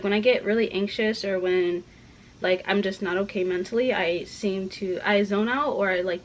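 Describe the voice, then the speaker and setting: A young woman rambling through a casual rant at home while packing, full of "like" fillers, dipping into soft asides. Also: medium pitch, a little hiss or hum, poor audio. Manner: rambling, heavy use of "like" fillers; drops to soft asides about clothes. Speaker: vlogger.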